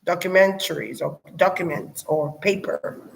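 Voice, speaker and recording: A woman, giving a casual spiritual channeling reading, musing slowly with many fillers and restarts. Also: on the low side, steady tone, creaky, a little hiss or hum, low-quality recording.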